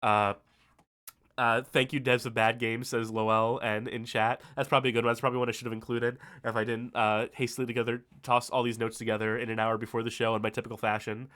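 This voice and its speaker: A male stream host with a mid-range, slightly bright voice and little pitch movement gives a casual thank-you speech. He rambles loosely, swears heavily, and stumbles through restarts with many fillers. He sounds tired and a bit emotional.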